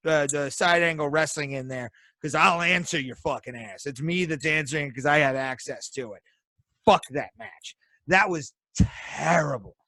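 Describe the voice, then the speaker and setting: A man's voice: sits high, pushed and bright, no echo. A man co-hosting a podcast, delivering an angry, profanity-heavy rant over a video call. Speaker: podcast co-host. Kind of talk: casual podcast chat.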